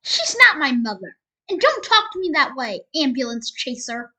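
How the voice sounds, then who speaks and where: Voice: high voice, sing-song, normal speed, sharp tone, heavily acted. Young actor as a snarky resentful son. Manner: snarky, incredulous. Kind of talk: school play over video call.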